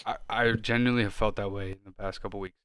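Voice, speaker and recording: A man co-hosting a podcast in casual chat, ranting and swearing freely and getting loud when worked up. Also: on the low side, fairly even intonation, quick pace, smooth, dry recording, clean studio sound. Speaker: podcast co-host.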